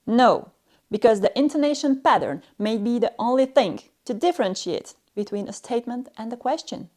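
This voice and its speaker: A woman with a fairly high voice teaches a language lesson in a stern, scolding tone. She talks down to her students. She delivers short, clipped phrases and pauses between them. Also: expressive, mellow. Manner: stern, cold and condescending. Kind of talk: scripted lesson narration.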